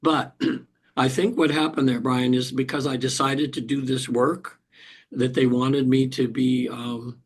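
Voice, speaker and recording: An older man with a husky, breathy voice recounts a personal experience as an interview guest. He speaks in a middle register, stopping and restarting often and clearing his throat between thoughts. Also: medium pitch, level tone, unhurried. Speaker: hypnotherapist guest. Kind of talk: emotional personal storytelling in an interview.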